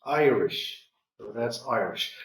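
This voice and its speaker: A man's voice: medium pitch, animated, slow pace, roomy sound, recorded from a distance, low-quality recording. A male English teacher leading a classroom lesson, patiently prompting students and repeating their answers.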